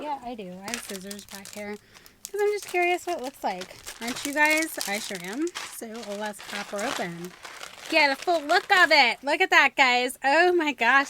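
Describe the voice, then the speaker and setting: A woman's voice: a little high, slight background noise. A woman, gushing and gasping as she unboxes gifts in her vlog. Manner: gushing, gasping, squealing with excitement. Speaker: vlogger.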